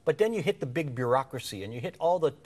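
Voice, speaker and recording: A man's voice: mid-range voice, lively intonation, quick pace, a little mellow. A middle-aged man from Hawaii hosting a talk show, upbeat and joking as he leads the conversation and reads viewer messages.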